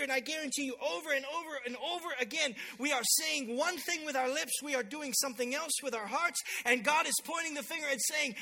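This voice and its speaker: Male pastor, very high and bright, emphatic storytelling sermon, long hall reverb. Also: fast, few pauses. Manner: storytelling preacher, builds to loud emphatic peaks.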